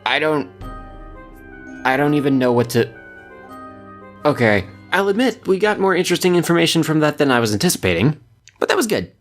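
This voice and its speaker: A woman chatting through a story game in casual let's-play commentary, her voice swinging widely from low to high. A guitar track plays clearly behind her the whole time. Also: brisk, pauses often. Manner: animated, expressive, often jumps high in pitch when surprised. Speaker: gameplay commentator. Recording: music playing behind the voice.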